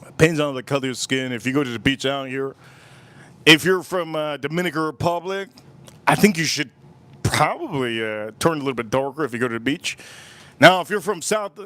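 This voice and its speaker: A man with a slightly high voice hosts a live cigar review and rambles in loose, repetitive chat, slipping into quoted voices as he goes. His sound is dry and close, with no room around it. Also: a bit bright, no room sound. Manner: rambling, repeats phrases, acts out quoted voices. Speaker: cigar review livestream host. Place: Miami.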